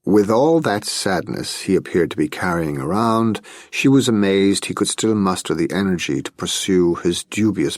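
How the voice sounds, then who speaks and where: A man narrating an audiobook thriller with steady, scripted storytelling. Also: sits low, dry recording, clean studio sound.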